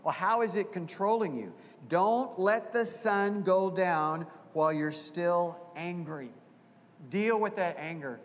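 A man preaching a sermon as pastor, emphatic and repeating key phrases, often putting questions to the congregation. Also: high voice. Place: church sanctuary. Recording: long hall reverb.

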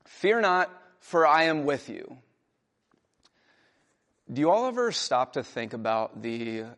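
Young guy pastor giving a sermon, chatty storytelling, punches up the quotes. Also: mid-range voice. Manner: storytelling, conversational with sudden emphatic quotes. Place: church.

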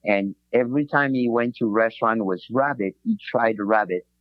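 Low-voiced chef telling stories. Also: male voice, normal speed, no room sound, muffled recording. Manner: rambling, repeats words, animated retelling. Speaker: chef and podcast guest. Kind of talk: casual storytelling chat.

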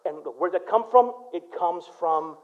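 A male pastor from Michigan preaching a sermon, swinging between loud, punchy lines and quiet storytelling. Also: high-pitched, normal speed, dull audio.

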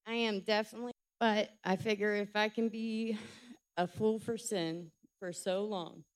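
A woman reading her prepared testimony to a church congregation, nervous and emotional, speaking softly. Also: medium pitch, fairly even intonation, moderate pace. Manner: nervous, emotional, soft-spoken. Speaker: church member giving testimony. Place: church sanctuary.

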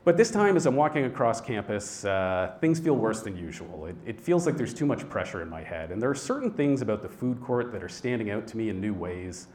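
A young man telling a personal story on stage, his delivery swinging between quiet and loud. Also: lowish voice, very animated, fairly quick, hardly any pauses.

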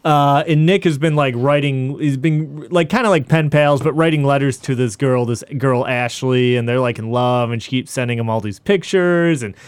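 A man's voice: medium pitch, normal speed, few pauses, clean tone, dry recording. A man hosting a casual movie podcast, leading the talk and laughing often. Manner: laughs often, leads the rundown. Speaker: podcast host.

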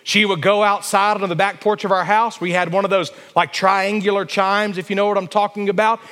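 Speaking a little fast in a fairly bright, high-sitting voice, this young Alabama pastor keeps his tone level as he tells stories in his sermon and prompts the congregation to answer back. The sound carries the long echo of a church hall.

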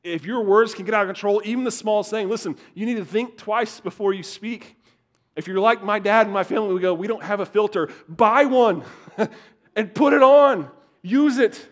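A young man with a high voice preaches to his church. He talks in an animated way, stumbling over repeated words as he goes. He swings between loud bursts and quiet, close asides. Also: normal speed. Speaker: pastor. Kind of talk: sermon.

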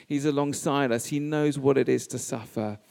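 A man preaching a sermon, speaking in measured, emphatic phrases with pauses. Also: medium pitch, fairly even intonation, gravelly, darkish tone. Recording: reverberant church hall.

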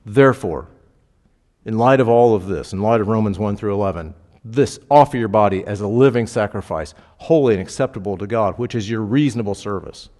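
A male pastor preaching a sermon, moving between hushed reflection and rising fervent exhortation. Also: fairly low pitch, a little fast. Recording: long hall reverb.

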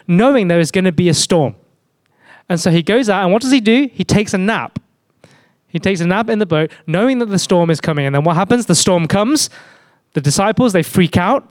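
A man preaches a sermon in a conversational tone and poses rhetorical questions. His voice sits fairly high. The sound is dry and close. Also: expressive, a little fast, dry recording.

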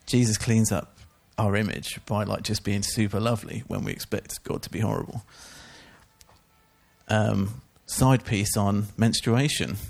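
A man's voice: on the low side, steady tone, measured pace, creaky, a little mellow. A man giving a casual, chatty Bible teaching talk, full of informal asides. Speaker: church teacher.

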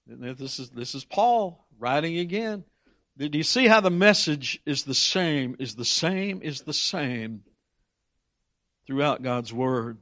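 A man's voice: a little high, lively intonation, slow pace, a bit bright, dry recording, clean studio sound. A man preaching a sermon, emphatic, often stumbling and repeating words as he presses his points.

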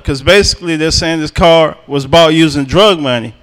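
A man telling a joke in a relaxed, conversational stand-up set. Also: on the high side, brisk, smooth. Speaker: stand-up comedian. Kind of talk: stand-up set at an open mic.

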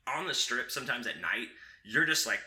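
A man's voice: medium pitch, animated, fairly quick, pushed and bright. A man hosting a casual chat, bantering in a loose, joking, profane way. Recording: echoey room.

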